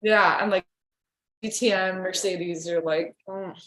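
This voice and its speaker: Excitable woman storyteller in an echoey room. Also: on the low side, a little slow. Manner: excited storytelling, heavy use of "like". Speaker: podcast guest. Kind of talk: casual podcast conversation.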